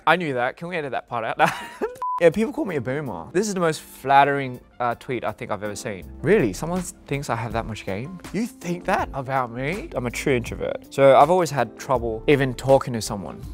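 A man's voice: medium pitch, sing-song, brisk, soft background music. A young man from Australia casually reading fan tweets aloud, playful and self-deprecating, often breaking into laughter.

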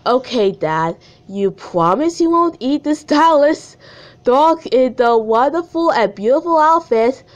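A woman's voice: high-pitched, animated, unhurried, dull audio. A woman voicing a polite cartoon boy cat, trying a French accent that drifts toward British. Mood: hopeful.

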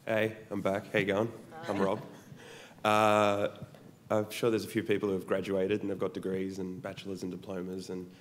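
Casting: man, very low, monotone, asking a question, faint room noise. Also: moderate pace. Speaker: audience questioner. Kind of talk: audience question.

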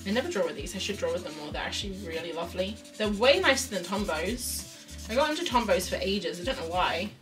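A woman's voice: lowish voice, lively intonation, fast talker, far from the mic. A young woman chatting casually on a drawing livestream. She rambles and reads chat messages aloud. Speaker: art streamer. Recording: voice slightly off-mic with faint music.

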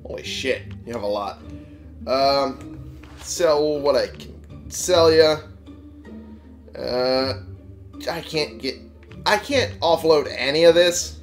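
A man's voice: mid-range voice, takes it slowly, pauses often, soft background music. A man giving casual let's play commentary, sarcastic and swearing as he talks back to game characters. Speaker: gamer playing on a channel.

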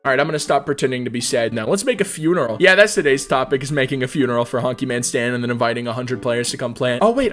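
A man doing let's play commentary as a gaming YouTuber, sarcastic and mock-dramatic, jumping into loud squeals. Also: on the high side.

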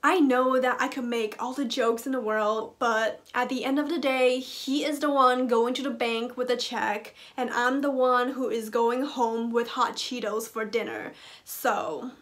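A woman with a high, bright-sounding voice reacts to a music video in a casual vlog. She is playful and teasing and keeps cracking jokes as she talks. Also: fairly even intonation, unhurried.

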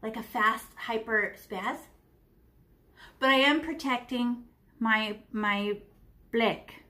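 A middle-aged woman leads a painting lesson for kids in a somewhat high, bouncy voice. She talks her way through every stroke in a chatty, playful way. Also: slow pace, bright, forceful tone. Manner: chatty and playful, narrating each brushstroke. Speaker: art teacher. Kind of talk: live art lesson to children.

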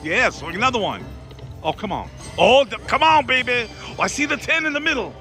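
A man vlogging at slot machines, talking to his viewers with sudden excited outbursts. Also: extremely high pitch, brisk. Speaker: casino vlogger. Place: casino floor. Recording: loud music behind voice. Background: loud casino machine music.

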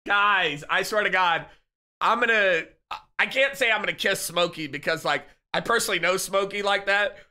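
A young man live-streaming, chatting casually and excitedly with his viewers and reading their messages aloud. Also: high voice, moderate pace. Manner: hyped, laughing, reads chat aloud.

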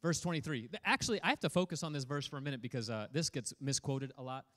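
A man's voice: mid-range voice, fast, fairly bright tone. A man preaching a sermon as a pastor, casual and joking, reading scripture aloud and breaking off to comment on it. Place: church hall.

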